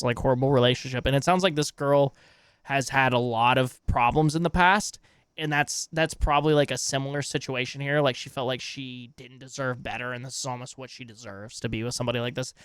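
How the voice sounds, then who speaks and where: A man's voice: mid-range voice, clean tone, no echo, studio quality. A young adult man streaming live and reacting to online drama in casual, swearing chat. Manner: casual, swearing, reacts loudly, laughs often.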